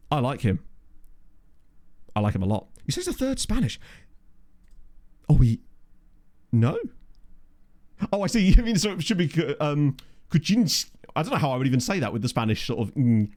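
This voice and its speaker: A man with a mid-range, somewhat dark voice hosts a casual let's play on a USB condenser mic. He chats and muses aloud while playing and reading the live chat.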